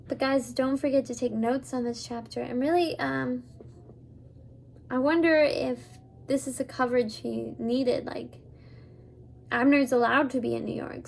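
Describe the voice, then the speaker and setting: A woman's voice: fairly high pitch, vocal fry, slight background noise. A woman teacher reading a novel aloud to her class, then chatting about the chapter in a casual, hesitant way with fillers. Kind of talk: read-aloud narration with class comments.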